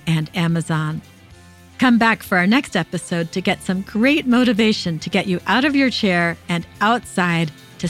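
A woman hosting a podcast, reading true stories aloud in a steady, expressive way. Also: mid-range voice. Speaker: podcast host.

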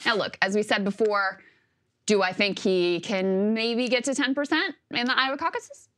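Brief: female political show co-host, analytical and dismissive, mid-pitched. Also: moderate pace, a bit bright. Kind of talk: political commentary chat.

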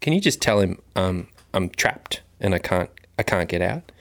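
A man talking quietly and haltingly in an improvised comedy sketch. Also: deep voice, expressive, no room sound.

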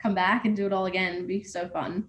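A woman's voice: medium pitch, level tone, quick pace. A young woman, an actor, chatting casually and bubbly in an interview over a video call. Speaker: actor guest. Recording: echoey room with faint noise.

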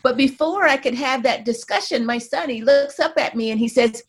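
A woman's voice: high voice, normal speed, breathy edge. A woman researcher and mother, a guest in an interview, explaining at length and often checking in with "right?" and "you know".

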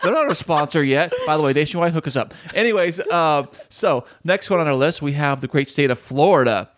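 A man's voice: fairly high pitch, lively intonation, a little fast, fairly bright tone. A man co-hosting a casual comedy podcast, reading out odd facts and riffing on them in a jokey, rambling way. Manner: jokey, rambling, reads items aloud. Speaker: podcast co-host. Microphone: studio mic.

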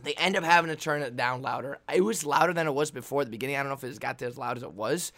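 A young man hosting a podcast, telling a story in an animated, excitable way with many restarts. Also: medium pitch, racing. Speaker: volleyball player and podcast host. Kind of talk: casual storytelling.

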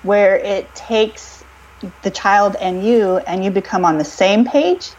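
A woman speaking as a guest expert on a podcast, giving calm parenting advice and acting out scripts for parents. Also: medium pitch, slow, highs cut off. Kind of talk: podcast conversation.

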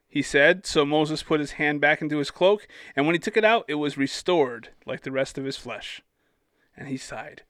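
A man reads Bible passages aloud and jokes and laughs between them. His voice is fairly high and bright, the sound close and dry, with faint music behind. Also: moderate pace, smooth, no echo. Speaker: co-host reading scripture. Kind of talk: Bible reading and casual discussion.

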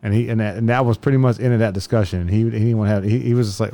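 A man's voice: on the low side, fairly even intonation, racing, few pauses, dark tone. A man, a police officer telling profane stories in casual chat, laughing as he goes. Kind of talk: casual podcast storytelling.

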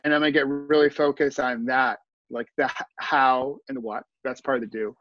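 A man's voice: mid-range voice, steady tone, moderate pace, fairly bright tone, no echo, highs cut off. A man talking earnestly as a podcast guest, telling his story with asides and restarts. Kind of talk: conversational storytelling.

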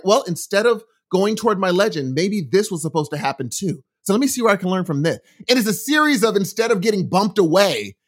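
A man chatting casually, recommending a book in a rambling, animated storytelling way with many restarts. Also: on the high side. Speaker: guest sharing a book recommendation. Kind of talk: casual chat. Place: from California.

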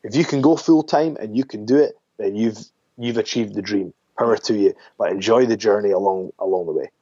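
A man's voice: fairly low pitch, a little fast, mellow, breathy edge, no echo, muffled recording. A man talking as a podcast guest in an earnest, rambling way, often stopping to correct himself. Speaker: guest, wrestler. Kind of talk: casual podcast interview.

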